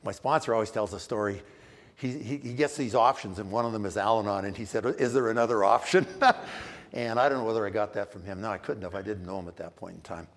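A man's voice: fairly low pitch, quick pace, big-room sound. A middle-aged man telling his own story candidly, with wry, self-mocking humor and frequent restarts. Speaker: speaker sharing his recovery story. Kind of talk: personal testimony.

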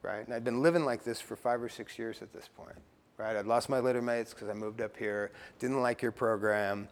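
A man's voice: medium pitch, steady tone, normal speed, in a large hall. A middle-aged man sharing his recovery story at a meeting, blunt and casual, swearing and tossing in "you know" and "right.".

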